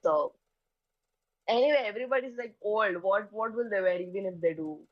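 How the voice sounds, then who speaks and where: A woman's voice: mid-range voice, brisk, no room sound, muffled recording. Chatty young woman storyteller. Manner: chatty, peppers speech with "like" and "okay", acts out dialogue. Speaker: streamer telling a story. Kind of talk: casual storytelling chat.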